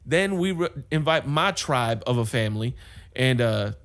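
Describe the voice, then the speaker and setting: This man's voice sits in the mid-range and moves at a moderate pace as he co-hosts a podcast. In easygoing conversation, he tells lively stories full of laughter and performs the lines he quotes.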